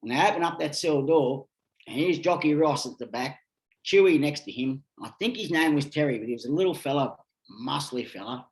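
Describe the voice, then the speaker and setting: A man's voice: on the high side, animated, brisk. An Australian man telling rambling stories as a podcast guest, talking bluntly and swearing freely. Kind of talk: casual storytelling.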